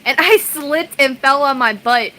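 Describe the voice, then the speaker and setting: High-voiced, chatty, giggly woman streamer. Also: measured pace, bright, forceful tone, a little hiss or hum, poor audio. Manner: chatty and giggly, greets chat viewers by name. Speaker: live streamer. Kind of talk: casual chat with stream viewers.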